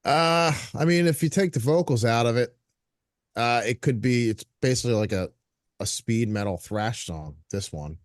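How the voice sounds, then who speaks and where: A man on a review panel giving a blunt, halting critique, swearing casually. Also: mid-range voice, no room sound, studio quality. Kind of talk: casual album review chat.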